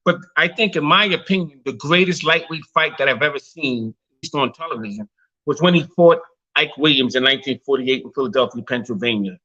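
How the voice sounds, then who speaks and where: A man's voice: medium pitch, a little fast, sharp tone. A man on an online stream recounting boxing history, listing dates and fight records. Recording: dull lo-fi stream audio.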